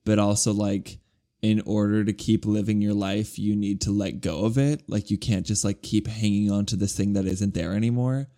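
A man's voice: fairly low pitch, fairly even intonation, normal speed, dark tone. A young man co-hosting a podcast, chatting casually and filling his talk with "like". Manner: chatty, peppered with "like". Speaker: podcast co-host.

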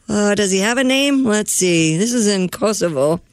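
High, dry-sounding male news co-host. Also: expressive, normal speed, smooth, dry recording. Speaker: radio co-host reading news. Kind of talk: casual radio banter.

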